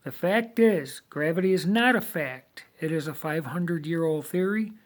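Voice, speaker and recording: A man delivering a lecturing monologue, emphatic and deliberate, with many rhetorical questions. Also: fairly high pitch, animated. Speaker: video monologue host.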